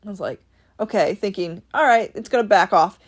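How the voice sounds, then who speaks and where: A woman's voice: medium pitch, fairly quick. A woman from Ohio casually telling a story from her week, animatedly acting out what people said. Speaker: vlogger.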